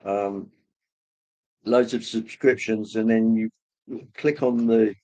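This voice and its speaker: A man hosting a livestream, casually rambling as he reads viewer comments, with many pauses and fillers. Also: on the low side, steady tone, dark tone. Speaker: livestream host reading chat. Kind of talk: casual chat.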